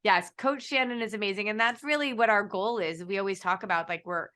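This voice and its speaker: A woman's voice: mid-range voice, brisk, bright, forceful tone. A woman hosting a live-stream interview, upbeat and encouraging, turning to speak straight to her viewers. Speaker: host, nutrition business owner.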